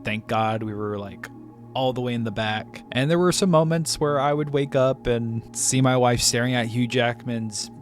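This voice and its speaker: Over soft background music, a man who reviews movies recounts his day at the cinema in a casual, rambling way at a moderate pace and medium pitch. He frequently restarts, corrects himself, and laughs at his own expense.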